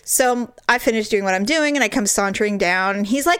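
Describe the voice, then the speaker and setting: A woman's voice: on the high side, fast, few pauses, fairly bright tone, smooth. A middle-aged woman telling a story in casual chat, acting out the quotes and laughing often.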